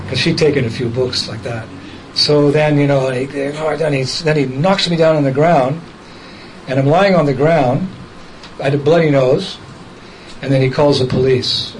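A man telling a personal story in a casual, lively way, laughing as he goes and acting out other people's voices. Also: mid-range voice, a little hiss or hum, poor audio. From United States.

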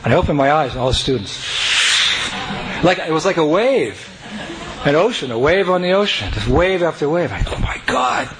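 A man telling a personal devotional story to an audience, animated and breaking into chanting and joyful shouts. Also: on the high side, normal speed. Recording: noisy recording.

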